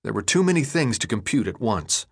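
A male audiobook narrator with a middle-pitched voice, reading in a steady, even storytelling manner. The delivery stays measured and controlled through long passages. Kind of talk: scripted narration.

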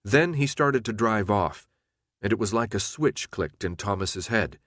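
A man narrating an audiobook chapter in a steady, measured reading. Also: on the low side, dry recording, clean studio sound. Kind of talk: scripted narration.

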